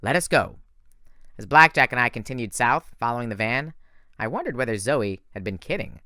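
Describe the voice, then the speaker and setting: A man reading a fan audiobook in a lively, casual first-person narration. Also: mid-range voice, brisk, smooth, dry recording, clean studio sound. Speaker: audiobook reader.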